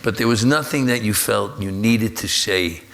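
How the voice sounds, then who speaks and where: A man's voice: fairly low pitch, normal speed, vocal fry, a bit bright. A man interviewing a friend onstage at a live talk event, searching for words and rephrasing his questions. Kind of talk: onstage conversation.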